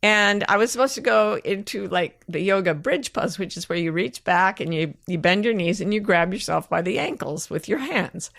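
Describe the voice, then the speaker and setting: A middle-aged woman co-hosting a podcast, telling a personal story in a casual, animated way. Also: medium pitch, moderate pace, vocal fry, few pauses, no echo, clean studio sound. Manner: animated storyteller, laughs through her own anecdotes. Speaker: podcast co-host.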